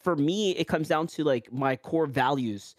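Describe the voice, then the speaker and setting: This New York-accented man hosts a casual podcast as a commentator, spinning animated stories full of fillers and acted-out quotes. His voice sits a little high and unhurried, recorded at studio quality with no room sound.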